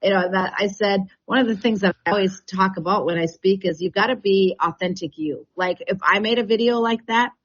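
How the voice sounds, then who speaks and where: In casual conversation on a radio show, this woman, a real estate agent, shares stories and laughs frequently. She has a medium-pitched voice and talks fairly quickly with few pauses, over dull broadcast audio.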